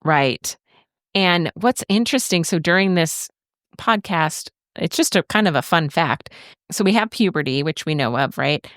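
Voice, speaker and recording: A woman's voice: on the low side, expressive, moderate pace, a bit bright, no echo, studio quality. A middle-aged woman co-hosting a podcast, telling stories in a chatty way and laughing often. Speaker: podcast co-host. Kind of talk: casual podcast chat.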